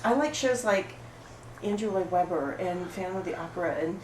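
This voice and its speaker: A woman's voice: fairly low pitch, normal speed, a little mellow, natural voice. Woman playing an oversensitive, rambling support-group member. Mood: wounded. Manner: rambling, apologetic, emotionally raw. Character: oversensitive, apologetic woman pouring out her woes. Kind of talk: improvised film monologue. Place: roomy studio space. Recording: echoey room, far mic, background noise.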